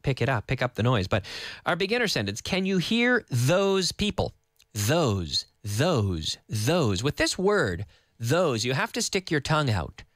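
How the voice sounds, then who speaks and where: A man from Nova Scotia teaching English on live radio from a studio microphone, patiently repeating words slowly for learners. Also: a little high, a bit bright, no echo. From Canada (Nova Scotia).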